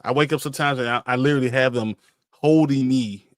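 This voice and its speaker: A man in his thirties, co-hosting a casual chat show, laid-back and quick to laugh as he reads out viewer comments. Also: mid-range voice, fairly even intonation, clear, resonant tone, no room sound, studio quality. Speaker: co-host.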